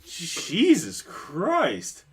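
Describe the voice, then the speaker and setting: A man co-hosting a podcast, telling funny stories in a profane, animated way. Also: a little high, extremely slow, husky. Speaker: podcast co-host. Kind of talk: casual chat.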